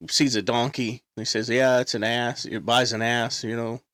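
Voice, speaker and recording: A man's voice: medium pitch, little pitch movement, moderate pace, a bit bright, no room sound, studio quality. A man hosting a casual chat, rambling and losing his place as he retells an old joke.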